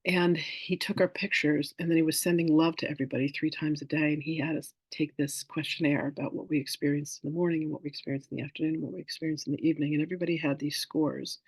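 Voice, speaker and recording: A man with a fairly high, gravelly voice that carries some huskiness hosts a spiritual class over a video call. He talks casually, moves from teaching into stories, and acts out the people he quotes along the way. The sound is dry and close. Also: no room sound, rough recording. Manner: animated storyteller acting out quoted voices. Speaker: spiritual teacher hosting a masterclass.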